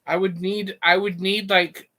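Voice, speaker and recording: A man's voice: sits high, level tone, a little slow, bright, forceful tone. A young man chatting casually on a live stream, rambling, joking and answering his chat. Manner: goofy, rambling, reads chat and jokes.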